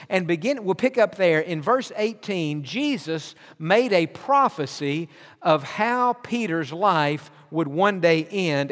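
A male pastor delivering a sermon, preaching emphatically with repeated refrains. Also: high voice. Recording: long reverb of a large hall.

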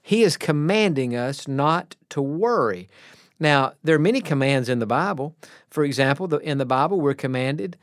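A man with a slightly raised voice preaches a radio sermon, earnest and plainspoken. He slows down to lean on key words. The sound is dry and close, with no room around it. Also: on the high side, expressive, no room sound.

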